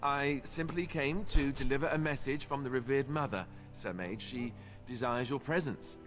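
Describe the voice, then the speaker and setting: A man's voice: mid-range voice, normal speed, music in the background, natural voice. An actor playing a wry, playful young male warrior in a video game, joking sarcastically and poking fun at himself. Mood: polite.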